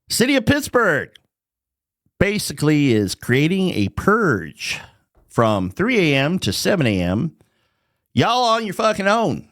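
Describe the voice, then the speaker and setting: A middle-aged man delivers a loose, profane rant, his voice leaping up and down in pitch. He mocks his targets and breaks into chuckles mid-sentence. The sound is close and dry, with no room around it. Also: vocal fry, dry recording. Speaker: vlogger. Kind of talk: casual ranting monologue.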